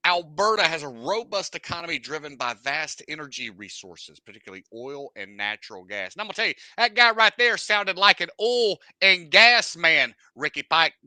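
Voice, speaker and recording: Man, podcast host, profane rambling jokester, very bright sharp tone, dry close sound. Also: a little high, big pitch swings, normal speed, few pauses, no room sound. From United States. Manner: profane, rambling, joking storyteller. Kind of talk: casual podcast chat.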